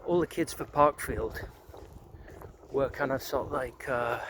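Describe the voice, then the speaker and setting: A middle-aged vlogger with a mid-range, unhurried voice wanders an outdoor neighbourhood amid background noise. He reminisces loosely and ramblingly, with plenty of filler words and casual swearing.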